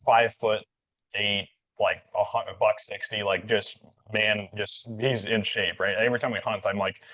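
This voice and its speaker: A man's voice: fairly low pitch, steady tone, normal speed, a bit bright. A man hosting a podcast, telling a story in a loose, rambling way full of fillers and acted-out quotes. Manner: rambling, filler-heavy, acts out quoted dialogue. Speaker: podcast host. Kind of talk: casual storytelling chat. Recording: dull lo-fi audio.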